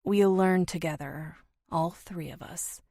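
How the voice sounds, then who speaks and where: Female narrator doing a caring, protective man, soft and reassuring, slow and lowish. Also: no echo, clean studio sound. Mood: tender.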